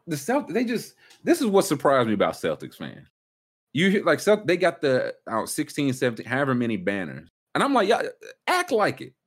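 A man hosting a casual sports talk show, ranting emphatically with sudden jumps up in pitch. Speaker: sports podcast host.

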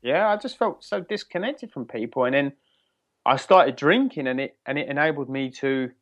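A man's voice: mid-range voice, lively intonation. English man, candid and reflective. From England. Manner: candid, reflective, halting restarts. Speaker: guest. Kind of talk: podcast interview.

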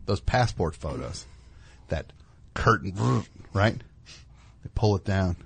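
A man's voice: deep voice, expressive, slow pace, a bit bright, slightly rough, no room sound. Rambling man riffing in a studio. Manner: rambling, riffing with put-on voices. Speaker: radio show host. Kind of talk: casual comedic chat. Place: radio studio.

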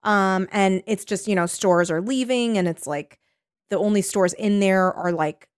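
A woman's voice: medium pitch, unhurried, smooth, no room sound, clean studio sound. A woman co-hosting a podcast in casual chat, rambling with lots of fillers and frequent giggles. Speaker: podcast co-host.

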